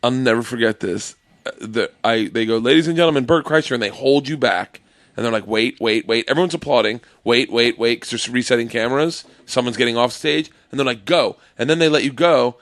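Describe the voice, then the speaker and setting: Podcast guest, man of middle pitch, animated anecdotes with acted-out voices, dry close mic. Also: brisk, dry recording. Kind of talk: casual chat.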